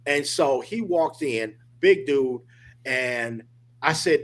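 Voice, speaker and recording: A man's voice: mid-range voice, unhurried. A man, a podcast guest, telling a personal story in a casual, emphatic way over a video call. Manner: emphatic, animated, addresses listener as dude and man.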